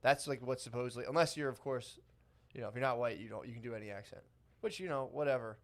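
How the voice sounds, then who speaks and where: A man co-hosting a podcast, telling rambling crude stories in casual chat. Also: mid-range voice. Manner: rapid, rambling, crude storytelling. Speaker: podcast co-host.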